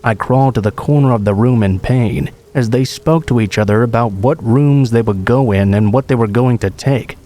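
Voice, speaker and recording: A man reading a true horror story aloud as a scripted narration, in a calm, steady storytelling manner. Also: mid-range voice, normal speed, few pauses.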